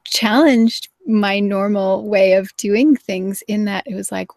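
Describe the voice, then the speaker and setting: Host: middle-aged woman, gushing live-show chat, gravelly low edge, dry close sound. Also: fairly even intonation, slow pace, darkish tone, dry recording. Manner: enthusiastic, gushing, acts out quotes. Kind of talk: live wellness show conversation.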